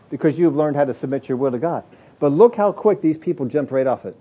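A man's voice: on the high side, lively intonation, brisk. A man preaching a sermon in a plain-spoken way, acting out the excuses people make in different voices. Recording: dull lo-fi audio recording.

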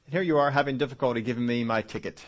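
A man's voice: medium pitch, racing, natural voice. A man voicing a cheerful, devout elderly woman patient who speaks boldly and with affection, as a story read aloud in a sermon. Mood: chiding. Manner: bold, chiding, affectionate.

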